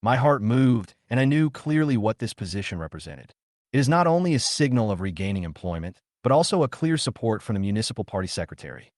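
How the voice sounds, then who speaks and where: Low guy narrating a story recap, calm, pitch moving a lot, dry sound. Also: fast, no echo.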